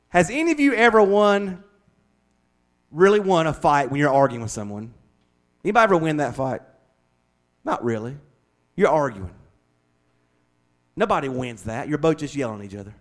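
Pastor, male, raised pitch, folksy sermon delivery that surges and eases. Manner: folksy, conversational preaching with shifting pace and volume.

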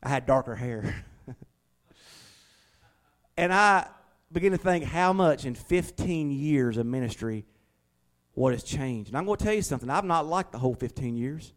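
A male pastor, preaching a sermon in a folksy, conversational way and leaning on slowed, emphatic stresses. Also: medium pitch, animated. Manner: emphatic, with slowed dramatic stresses and acted-out prayers.

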